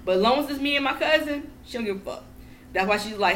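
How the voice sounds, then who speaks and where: A woman's voice: fairly high pitch, fast talker, a bit bright, a little hiss or hum. A woman guest on a podcast in casual chat, telling a story in a heated, profane way.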